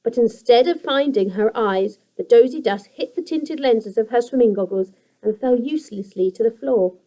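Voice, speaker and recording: A young woman teacher reads a children's chapter book aloud to her class. Her voice sits a touch high and she keeps an even, expressive storytelling pace. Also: normal speed, low-quality recording.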